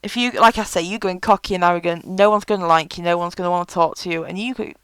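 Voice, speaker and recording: A woman's voice: lowish voice, fairly even intonation, fast talker, fairly bright tone, clear, resonant tone, no echo, poor audio. A woman giving frank, chatty advice in a casual vlog, with many fillers. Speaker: vlogger.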